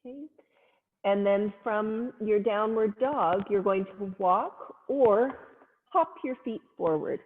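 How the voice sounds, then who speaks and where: A woman yoga instructor leads a family class with gentle, playful cues and little animal noises. She speaks slowly at a middling pitch. The sound is thin and phone-like, with a long reverb trailing behind.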